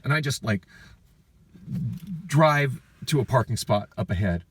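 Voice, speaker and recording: A man's voice: medium pitch, animated, unhurried, slightly rough, no room sound. A man telling a long, frustrated, profane story in a rambling personal vlog, recorded on a phone with the voice a bit far from the mic. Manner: frustrated, profane, weary venting. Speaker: vlogger.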